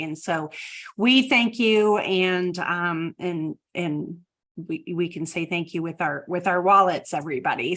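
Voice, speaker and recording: A woman's voice: fairly low pitch, fairly bright tone. A woman photographer giving an upbeat presentation. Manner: upbeat, enthusiastic. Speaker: guest speaker, photographer. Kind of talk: presentation talk.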